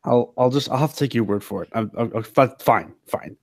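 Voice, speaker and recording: A man's voice: medium pitch, fairly quick, dry recording, studio quality. A man playing a tabletop role-playing game, talking eagerly and repeating his words as he stammers. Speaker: player. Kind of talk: casual tabletop role-play.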